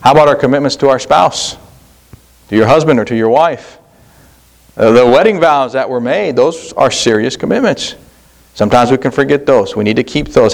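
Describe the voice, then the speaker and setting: A man's voice: medium pitch, vocal fry. A man preaching a sermon as pastor, plain-spoken, with rhetorical questions and frequent restarts.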